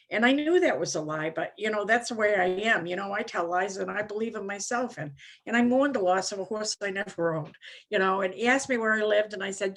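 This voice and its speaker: A woman in her seventies, from Maine, telling her own recovery story to a conference crowd. She rambles along in a loose, conversational way, filling gaps with "you know". She pokes fun at herself in a mid-pitched voice. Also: fairly quick, a bit bright. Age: 70s. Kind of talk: personal recovery story talk.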